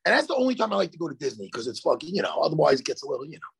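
A man co-hosting a chat show from a hotel room, telling stories in an animated way and swearing freely. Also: a little high, rapid-fire, gravelly, slightly rough. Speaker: podcast co-host. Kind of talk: casual chat.

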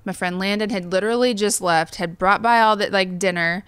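A woman's voice: mid-range voice, fairly quick, fairly bright tone, clear, resonant tone, dry recording. A woman in her thirties, a songwriter guest, telling a personal story in a rambling way with lots of fillers. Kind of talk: conversational storytelling.

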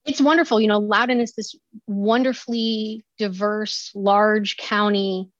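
A woman's voice: medium pitch, steady tone, measured pace, no echo. Upbeat Midwestern woman, dull dry sound. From Ohio. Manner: upbeat and promotional. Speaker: guest, county economic development official. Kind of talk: interview answers.

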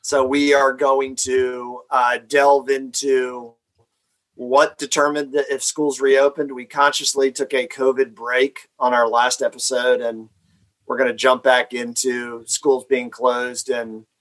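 A man's voice: medium pitch, low-quality recording. Chatty male podcast host. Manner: relaxed, chatty, reads sponsor copy quickly. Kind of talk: casual podcast chat.

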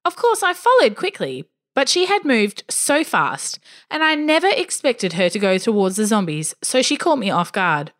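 A woman reading a first-person story aloud, wry and expressive. Her voice rises and falls widely as she tells it, landing the dry asides with a light touch. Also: fairly high pitch, moderate pace. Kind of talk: scripted story narration.

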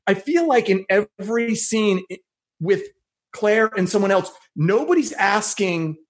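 A man in casual podcast chat, earnest, talking in quick bursts and restarting often. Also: high voice, animated.

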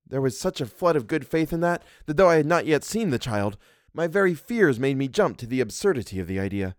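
A man reading a classic ghost story aloud, narrating in a measured and expressive way. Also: a little high, no echo, studio quality. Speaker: reader.

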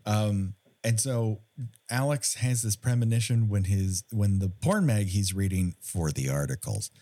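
A man's voice: on the low side, measured pace, warm tone, no echo. A man co-hosting a casual movie recap podcast, wry and joking, with casual swearing and frequent laughs. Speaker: podcast co-host.

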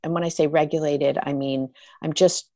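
A middle-aged woman, a yoga therapist, explaining breathing work in a relaxed interview, with many restarts and fillers. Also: low voice, moderate pace, no room sound. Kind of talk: conversational interview.

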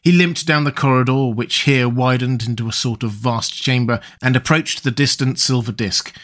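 A man giving an audiobook narration of a pulp adventure story, with a steady, even delivery. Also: medium pitch, moderate pace.

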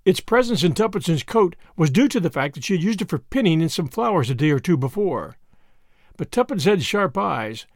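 A man reading an audiobook as expressive scripted narration on a close mic. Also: a little high, no echo. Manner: expressive storytelling.

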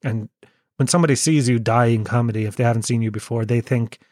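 A man's voice: medium pitch, quick pace, a little mellow, no room sound, clean studio sound. A sick, worn-out Irish man hosting his own podcast, rambling in a self-deprecating, sweary way. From Ireland. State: ill and worn out. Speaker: podcast host. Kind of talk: casual solo podcast monologue.

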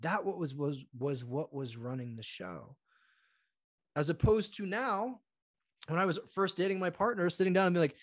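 Male podcast guest, higher-pitched voice, dry close sound, animated storyteller who acts out quoted voices. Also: normal speed, no echo. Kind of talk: conversational interview.

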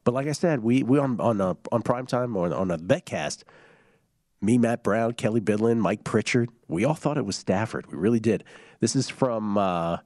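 A man's voice: on the low side, lively intonation, a little mellow, no room sound, clean studio sound. A man hosting a sports betting show, chatting casually and reading listener tweets aloud, humming fillers between them. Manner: quick, loose delivery with filler hums and restarts.

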